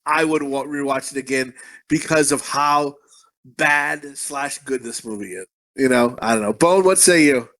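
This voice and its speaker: Medium in pitch, unhurried, and a bit bright, this man's voice belongs to a movie podcast co-host. He's a profane, rambling storyteller, spinning long crude tales in casual conversation with constant cursing.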